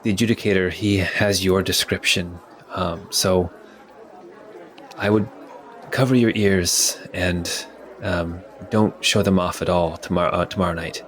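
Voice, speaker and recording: A man voicing an emotional grown son who speaks softly and haltingly in a tabletop game. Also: low voice, steady tone, some chatter behind. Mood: worried, tender. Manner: soft, hesitant, halting.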